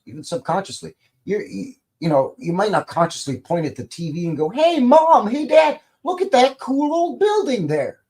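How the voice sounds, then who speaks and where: A man's voice: medium pitch, darkish tone. A middle-aged man from Canada hosting a live stream, chatting casually in a rambling, folksy way. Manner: rambling and folksy, many fillers and restarts.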